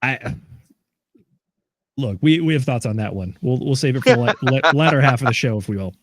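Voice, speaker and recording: A man hosts a casual podcast, reading comments and notes aloud and breaking off for quick asides. His voice sits mid-range in pitch. It is recorded dry and close, with no room echo. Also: animated. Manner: easygoing, reads aloud with asides. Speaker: podcast host.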